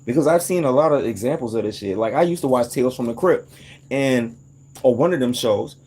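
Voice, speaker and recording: A man in a casual, rambling monologue, animated and profane, jumping into sudden high outbursts. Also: fairly quick, slightly rough. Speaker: vlogger.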